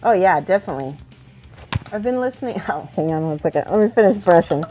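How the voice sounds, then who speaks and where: A woman's voice: on the low side, animated, quick pace, over music. A woman chatting casually and rambling with frequent giggles while she paints miniatures for her viewers. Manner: chatty, rambling, giggly, soft when concentrating.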